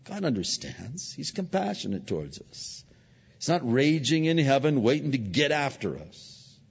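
Casting: male pastor mid-sermon, lively delivery, slightly husky, recorded with a long reverb in a church. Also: medium pitch, normal speed. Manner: animated, acts out voices in anecdotes. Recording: dull lo-fi audio with long hall reverb.

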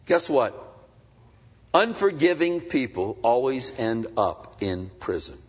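A man preaching a sermon as a pastor, swinging between loud emphatic peaks and soft confiding asides. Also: mid-range voice, sing-song, slow pace, slightly rough. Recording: dull, muffled sound with long hall reverb.

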